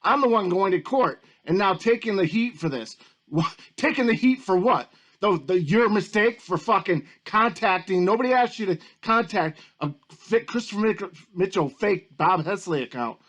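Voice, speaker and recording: A man with a rather high voice, delivering a heated, profanity-laced rant. He talks in agitated bursts, restarting and repeating himself as he builds his case. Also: lively intonation, normal speed, hardly any pauses, a bit bright. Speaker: YouTube commentator. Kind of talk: angry ranting commentary.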